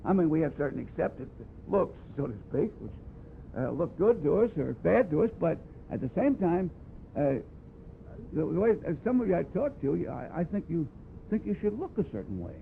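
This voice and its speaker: Gravelly high-voiced man teaching brass. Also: very animated, normal speed. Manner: plainspoken and wry, scats phrases to demonstrate. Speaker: brass instructor giving a clinic. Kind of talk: blunt, conversational teaching talk. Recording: tinny lo-fi archival tape with faint hiss.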